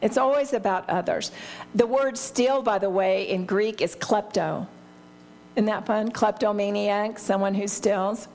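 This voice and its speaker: A woman's voice: medium pitch, measured pace, a little mellow. A middle-aged woman teaching a Bible study in a candid, conversational way, often laughing at herself.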